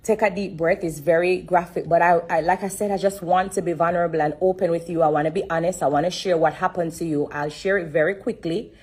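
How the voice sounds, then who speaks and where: A woman giving an emotional testimony on a live stream, religious and repetitive, pausing to breathe and fight back tears. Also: fairly low pitch, steady tone, darkish tone, breathy edge. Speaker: live streamer sharing her story.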